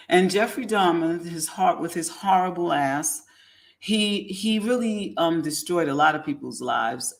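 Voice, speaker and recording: A woman hosting a casual commentary show, rambling and halting with many ums. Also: low-pitched, creaky. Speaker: host.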